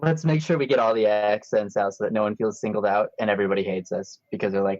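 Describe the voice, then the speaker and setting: A man co-hosting a casual advice livestream from a cheap low-quality mic, joking and playful between questions. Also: steady tone, quick pace, a little mellow, no room sound, lo-fi sound, faint music behind. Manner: joking, playful, apologetic asides. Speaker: livestream co-host.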